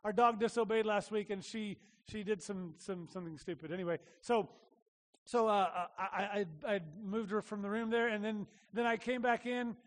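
A male pastor giving a conversational sermon, animated, acting out little voices and asking the room questions. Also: sits high, normal speed, long reverb tail.

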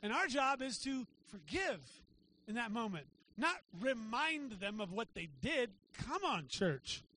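A man preaching a sermon to his church, talking in a casual way and checking in with the congregation with quick asides. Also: very high-pitched, big pitch swings, bright, forceful tone, a little hiss or hum. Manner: conversational preaching with frequent "right?" asides. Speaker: pastor. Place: church sanctuary.

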